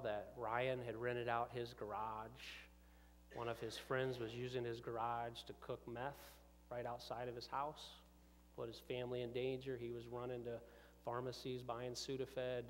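A male pastor telling a personal story in a sermon, often dropping to hushed tones and rising to urgent appeals. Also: mid-range voice, slight background noise. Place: church sanctuary with long reverb. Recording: reverberant church hall.

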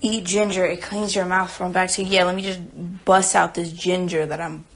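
This young singer is livestreaming from inside her home on a phone, casually rambling, cursing without restraint, and reading comments from viewers aloud. Her voice is on the low side, with a level tone and a normal speed.

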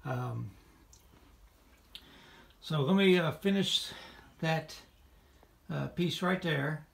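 A man's voice: fairly high pitch, drawn-out words. A man casually talking through a hobby build at home, thinking aloud with plenty of filler words, recorded on a phone camera. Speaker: model railroad hobbyist. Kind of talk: casual how-to narration. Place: home, kitchen table area. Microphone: phone camera, sometimes on tripod. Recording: roomy and distant phone audio with clear noise.

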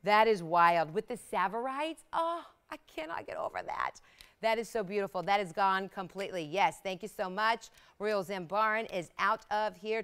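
A woman hosting live jewelry sales, talking in fast, excited hard-sell patter. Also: mid-range voice, clear, resonant tone. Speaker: shopping channel host.

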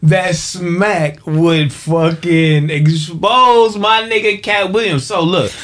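Slightly high-voiced podcast host man. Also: fairly even intonation, slow, a bit bright. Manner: loose, repeats "you know what I'm saying". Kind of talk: casual podcast chat.

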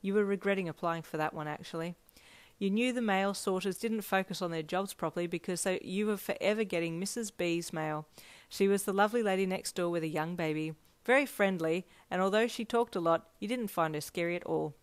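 Una donna legge una storia in seconda persona con un ritmo gentile e regolare. La sua voce è piuttosto grave e la registrazione è secca e ravvicinata, senza riverbero della stanza. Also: female voice, fairly low pitch, a little fast, no room sound. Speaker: fanfiction narrator. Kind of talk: second-person story narration.

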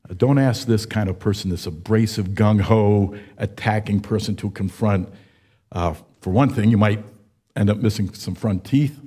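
A man in his seventies preaching a sermon, telling folksy stories with frequent pauses and fillers. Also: on the low side, dark tone, slightly rough. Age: 70s. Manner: folksy storytelling, with many uh fillers. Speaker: pastor.

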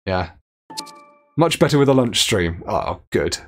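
A man's voice: lowish voice, lively intonation, a little slow, faint music behind. A man streaming a game live, chatting, reading viewer messages aloud and laughing often.

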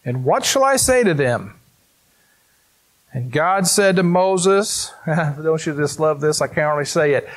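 A pastor preaches a sermon in church, reading scripture aloud emphatically and speaking slowly and directly to the congregation. His voice is on the high side and expressive.

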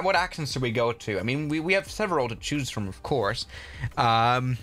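A man's voice: medium pitch, a bit bright. A man streaming a flight sim, chatting casually to viewers in a rambling way full of fillers and restarts. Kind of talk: casual live gameplay commentary.

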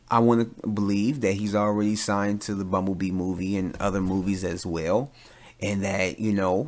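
A man hosting his own podcast, giving casual solo commentary in an animated, rambling rant full of fillers and restarts. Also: lowish voice. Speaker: podcast host; father.

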